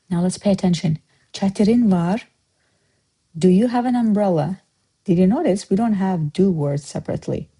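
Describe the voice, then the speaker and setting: A woman teaching a word-of-the-day language lesson, explaining slowly and repeating words for learners. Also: on the low side, warm tone, slightly rough, rough recording. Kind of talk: vocabulary lesson.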